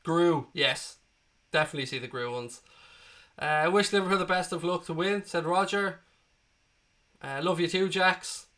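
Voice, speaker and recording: A man's voice: fairly high pitch, moderate pace, long pauses, bright, forceful tone. A man in his twenties hosting a live football watchalong, reading viewer comments aloud with blunt, sweary banter. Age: 20s.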